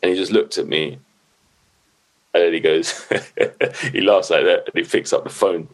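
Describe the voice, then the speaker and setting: A middle-aged man, telling stories as a guest in a loose, animated way, swearing freely and leaning on "like" and "you know what I mean". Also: low-pitched, moderate pace. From London. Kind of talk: casual storytelling.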